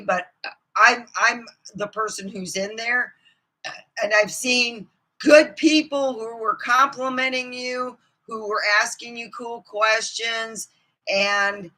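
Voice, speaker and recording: A woman ranting profanely to her camera, swinging from low muttering to outbursts of shouting. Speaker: vlogger. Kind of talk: angry ranting monologue.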